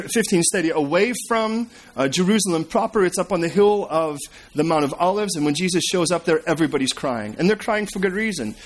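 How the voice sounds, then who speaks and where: A man preaching a sermon, retelling scripture as a story and swinging between emphatic and hushed delivery. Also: high voice. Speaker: pastor.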